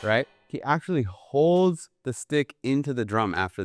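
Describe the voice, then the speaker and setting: A man teaching a jazz drum lesson in a relaxed, eager way, often checking in with "right?" between drum examples. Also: mid-range voice, measured pace, faint music behind. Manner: casual, enthusiastic, keeps asking "right?". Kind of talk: instructional video lesson. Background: drum kit played between phrases.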